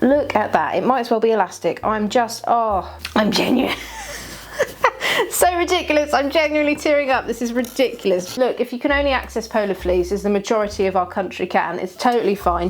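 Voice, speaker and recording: A young woman talks through a puppet-making tutorial as she cuts and sews. She gushes about her materials, chatty and excitable, with a pitch that sits in the middle for a woman. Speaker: puppet maker, tutorial host. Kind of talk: crafting tutorial, talking while working.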